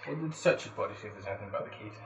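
Low-voiced tabletop player man. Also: expressive, racing, crowd noise. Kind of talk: casual tabletop play. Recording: echoey room with noise.

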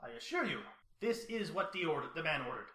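Man voicing a grandiose, foppish merchant with a bright, higher voice; echoey room. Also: very animated, quick pace, heavily acted. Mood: smooth, persuasive. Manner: grandiose sales pitch. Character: foppy flamboyant male shopkeeper, smooth salesman.

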